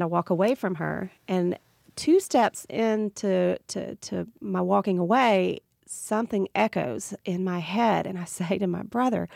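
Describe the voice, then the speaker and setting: Gravelly Southern woman telling her story. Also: on the low side, moderate pace, no echo, clean studio sound. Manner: earnest, reflective, with small restarts. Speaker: interview guest. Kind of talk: personal storytelling in a radio interview.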